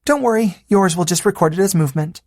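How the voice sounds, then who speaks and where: A man's voice: high voice, quick pace, a little mellow, dry recording, studio quality, voice pushed up. A male narrator voicing a playful, blunt young woman in an audiobook, teasing and matter-of-fact.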